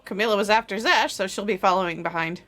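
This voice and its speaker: A woman playing in a tabletop game, talking casually with quick asides and laughs. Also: medium pitch, pushed and bright. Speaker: player.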